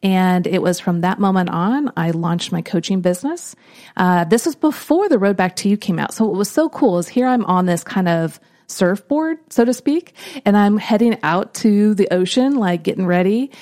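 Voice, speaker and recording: A woman hosting a podcast, telling a personal story in an earnest, reflective way, often trailing off softly. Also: mid-range voice, animated, normal speed. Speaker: podcast host.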